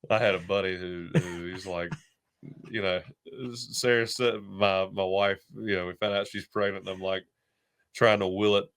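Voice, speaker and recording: A man in his thirties, a podcast guest, talking in an easygoing, halting way. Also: sits low, fairly even intonation, fairly bright tone. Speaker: podcast guest, former quarterback. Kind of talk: casual sports podcast chat.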